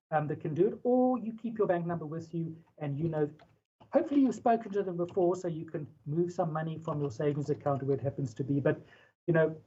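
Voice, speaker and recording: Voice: medium pitch, warm tone, breathy edge, lo-fi sound. A presenter from a dive safety organization gives a webinar talk in a conversational way, with many "you know" fillers and emphatic starts to sentences.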